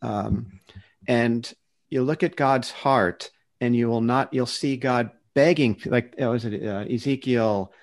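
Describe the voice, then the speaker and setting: A man's voice: mid-range voice, slow pace. A man speaking earnestly in a casual discussion, defending a Christian view and often restarting his sentences as he searches for words.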